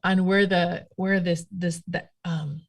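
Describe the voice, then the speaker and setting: A woman's voice: on the low side, takes it slowly. A woman guest telling stories in a casual conversation, chatty and rambling with lots of fillers. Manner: chatty, rambling, animated storytelling with many fillers. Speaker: guest, witchcraft practitioner.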